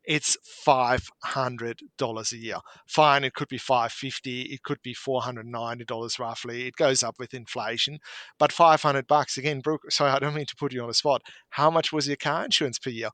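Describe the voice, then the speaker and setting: A man's voice: mid-range voice, steady tone, moderate pace, bright, forceful tone, no echo. A man, an accountant guest on a podcast interview, explaining with homely anecdotes and examples.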